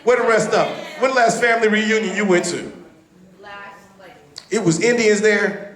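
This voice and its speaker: Male stand-up comic from Texas, high-pitched, animated and profane, live in an echoey club. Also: normal speed. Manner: loud, animated, profane, acts out quotes. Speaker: stand-up comedian. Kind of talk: stand-up comedy set. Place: comedy club stage. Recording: roomy club recording.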